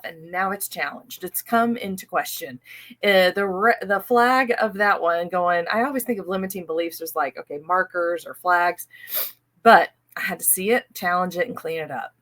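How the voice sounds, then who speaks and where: A woman's voice: fairly low pitch, normal speed. A middle-aged woman hosting her own channel, talking casually and animatedly about her money worries, acting out her inner voice. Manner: chatty, animated, laughs, acts out her inner voice. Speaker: host. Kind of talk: casual personal talk on money mindset.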